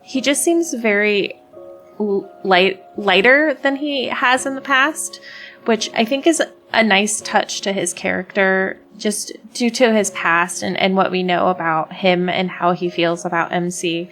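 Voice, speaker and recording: Slow-talking woman reading a romance game. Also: mid-range voice, a bit bright, soft background music. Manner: gushing, with frequent restarts while reading. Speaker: let's play host. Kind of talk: game playthrough commentary and reading text aloud.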